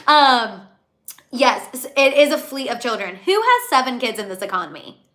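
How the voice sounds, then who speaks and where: A young woman hosting a casual celebrity gossip livestream, animated and gossipy, reading out viewer comments. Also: high voice, moderate pace. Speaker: gossip show host.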